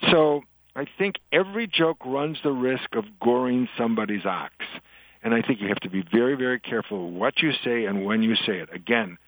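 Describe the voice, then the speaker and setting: A man's voice: medium pitch, no room sound, low-quality recording. Older man, author guest, chatty joke-teller, dry close sound. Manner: chatty storyteller, animated in punchlines. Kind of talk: interview conversation, telling jokes.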